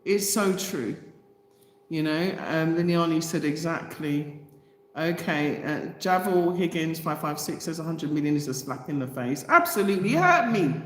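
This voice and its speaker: A low-pitched, expressive woman speaks at a moderate pace, reading viewer comments during an emotional livestream. Her delivery is impassioned and aimed right at her audience, and the sound carries a long, roomy reverb.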